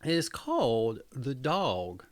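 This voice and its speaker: Man, playful storyteller, casual read-aloud, very animated swooping pitch. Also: slow pace. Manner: playful, chuckles at his own slips.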